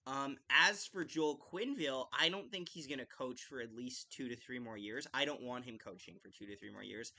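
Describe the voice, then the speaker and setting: A man's voice: medium pitch, brisk, gravelly, few pauses, sharp tone. A man hosting a live hockey watch-along podcast, ranting with passion and swearing, full of "like" fillers and restarts. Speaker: podcast host. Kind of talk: casual live-stream commentary.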